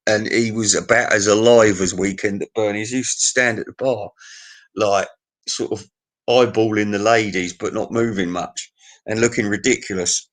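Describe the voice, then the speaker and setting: A man's voice: lowish voice, steady tone, normal speed, poor audio. A man telling a crude, meandering pub anecdote and chuckling at his own tale. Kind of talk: rambling pub anecdote monologue.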